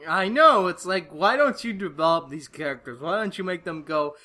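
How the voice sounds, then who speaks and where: Bright-voiced young man ranting heatedly. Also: high voice, animated, moderate pace. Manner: heated, swearing, exasperated. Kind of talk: casual ranting chat about a cartoon.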